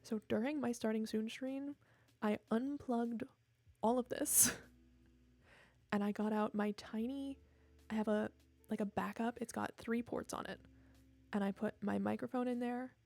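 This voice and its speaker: A tired young woman streams from home, chatting casually into a desk microphone in a rambling, self-deprecating way. Her voice is fairly high, creaky, and a little mellow.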